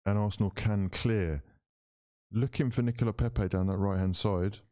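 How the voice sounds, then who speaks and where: A man doing live commentary for his football watchalong stream, switching between mock commentator patter and loud, excited outbursts. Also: lowish voice, moderate pace, no room sound, studio quality.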